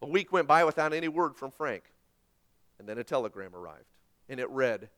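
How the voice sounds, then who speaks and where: A man preaching a sermon, telling a story dramatically and swinging between loud and hushed. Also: mid-range voice, animated, fairly quick, clear, resonant tone.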